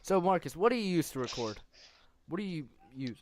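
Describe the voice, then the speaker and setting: A man's voice: on the high side, sing-song, brisk, a little mellow, a little hiss or hum. A man co-hosting a casual podcast, teasing and swearing offhandedly. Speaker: podcast co-host.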